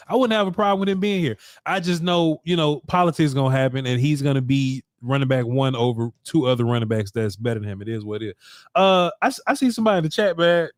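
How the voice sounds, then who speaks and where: Laid-back higher-voiced man, dry sound. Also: no room sound. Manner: laid-back, laughs often, slangy, talks back to chat. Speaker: sports podcast co-host. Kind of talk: casual sports talk.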